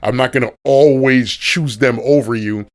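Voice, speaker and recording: A man talking on a podcast in a blunt, firm way. His pitch sits in the ordinary middle range, and he speaks plainly and with conviction. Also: normal speed. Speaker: podcast co-host. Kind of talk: casual chat.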